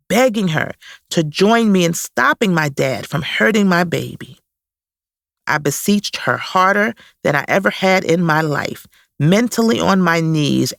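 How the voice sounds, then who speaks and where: A woman reading her own memoir aloud in a slow, reflective first-person style, close to the mic. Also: on the low side, creaky, dry recording. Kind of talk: audiobook memoir narration.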